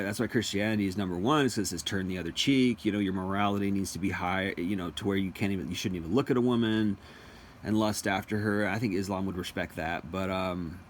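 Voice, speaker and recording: A young man with a low, deep voice talks in a loose, opinionated monologue. He circles back on his own phrases, stumbles through restarts and hammers his points by repeating them. Faint noise sits underneath. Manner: rambling, repeats phrases, emphatic. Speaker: commentator.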